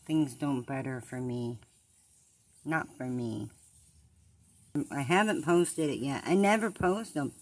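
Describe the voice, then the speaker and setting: A woman vlogger talking through her distress in a confessional video, halting and repeating herself, trailing off mid-thought. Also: very deep voice, dry recording. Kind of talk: confessional vlog.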